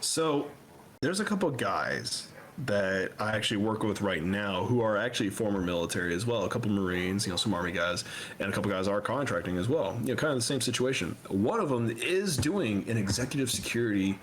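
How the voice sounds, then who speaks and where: A young man co-hosting a podcast, swapping profane, animated stories in casual chat. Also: lowish voice, brisk, slight background noise. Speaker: podcast co-host.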